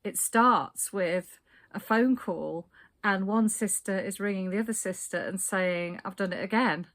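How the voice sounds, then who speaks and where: A woman's voice: mid-range voice, a little slow, fairly bright tone. A woman in a casual book vlog, chatting about novels with lots of ums and restarts. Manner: chatty, with many fillers and restarts. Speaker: book vlogger. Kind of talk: casual book chat to camera.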